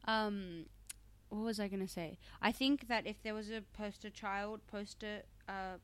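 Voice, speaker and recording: A woman's voice: mid-range voice, fairly even intonation, unhurried, clean tone. A woman co-hosting a podcast, chatting casually and teasing her co-host in a playful way. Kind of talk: casual chat.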